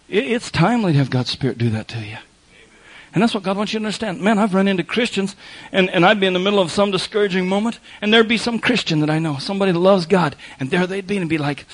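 A man's voice: high voice, lively intonation, fast, husky, poor audio. A man preaching a sermon in a conversational way, repeating phrases for emphasis and slipping in wry asides. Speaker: pastor.

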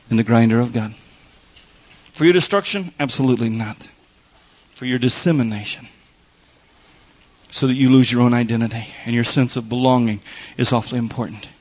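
A man's voice: medium pitch, low-quality recording. A man preaching a sermon in a conversational way, repeating phrases for emphasis and slipping in wry asides. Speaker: pastor.

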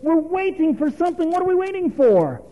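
High-voiced folksy male preacher. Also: sing-song, brisk, muffled recording. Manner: folksy and conversational, quizzes the congregation; chuckles often while preaching. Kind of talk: sermon.

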